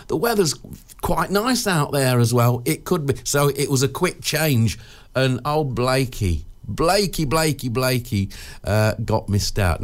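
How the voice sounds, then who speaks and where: A man presenting a radio show in casual chat, rambling and joking with studio colleagues. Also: medium pitch. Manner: rambling, jokey, self-interrupting.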